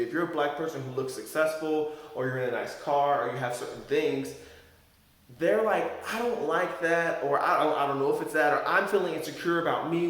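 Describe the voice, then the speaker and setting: Animated young man in an echoey room. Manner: animated, acts out quotes with shifting pitch. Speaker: vlogger telling a personal story. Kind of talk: casual storytelling monologue. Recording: very echoey room with long reverb.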